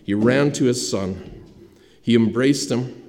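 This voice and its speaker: Mellow-voiced pastor preaching in a hall. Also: male voice, mid-range voice, slow. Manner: dramatic storytelling, swinging from loud emphasis to hushed. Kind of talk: sermon. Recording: long hall reverb.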